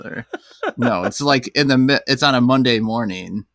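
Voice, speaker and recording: A man's voice: mid-range voice, normal speed, a bit bright. A man co-hosting a casual podcast, ranting bluntly and swearing. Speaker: podcast co-host.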